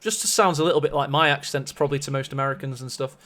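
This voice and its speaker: A man's voice: medium pitch, fast talker, fairly bright tone. A man casting a strategy-game match on a live stream, chatty and rambling with self-mocking asides. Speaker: esports caster.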